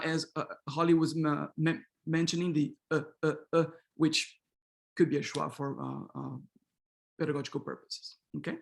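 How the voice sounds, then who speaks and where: A man giving an online pronunciation lecture as a linguistics professor, modeling sounds by repeating example words and checking in with "okay?". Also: on the high side. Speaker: linguistics professor leading a workshop. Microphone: video call.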